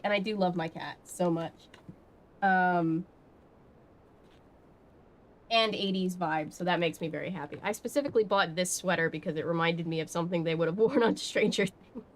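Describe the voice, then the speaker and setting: A woman with a slightly low voice talks casually on a livestream from her home setup. She rambles a little, filling pauses with "um" as she answers her chat. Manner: chatty and rambling, answering chat with many fillers. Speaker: streamer. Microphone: webcam setup.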